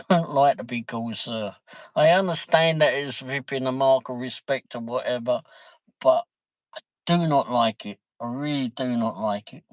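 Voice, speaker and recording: A man's voice: medium pitch, moderate pace, dry recording, rough recording. Bloke chatting on his live stream, middle-aged, swears a bit, dry close sound. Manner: chatty, laughs easily, mild swearing. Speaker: livestream host. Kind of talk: casual livestream chat reading viewer comments.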